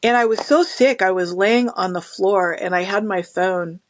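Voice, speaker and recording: A middle-aged woman, a podcast guest, talking in a casual conversational interview with animated storytelling. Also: medium pitch, moderate pace, no echo. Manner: animated storytelling, acting out quoted people.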